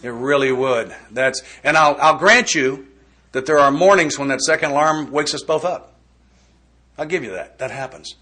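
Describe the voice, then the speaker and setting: A man's voice: a little high, moderate pace, sharp tone. A man giving a recovery step study talk, folksy and joking in a conversational way. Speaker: workshop speaker.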